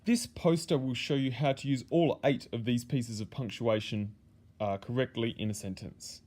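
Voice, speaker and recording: A man's voice: mid-range voice, normal speed, darkish tone. A male teacher, explaining punctuation step by step and often restarting his phrases. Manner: talks students through steps, repeats and restarts phrases. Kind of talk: classroom explanation.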